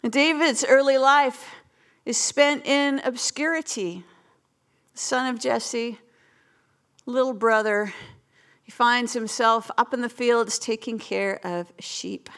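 A woman preaches a sermon, telling personal stories with self-deprecating humor. Her voice sits high in the female range. She keeps it conversational and easygoing, like a pastor talking to her congregation. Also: steady tone, slow, long pauses, fairly bright tone. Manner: self-deprecating storytelling with laughs.

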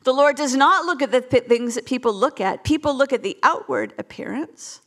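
A woman's voice: high voice, expressive, fairly quick, a bit bright. A woman, preaching a sermon in a self-deprecating, storytelling way.

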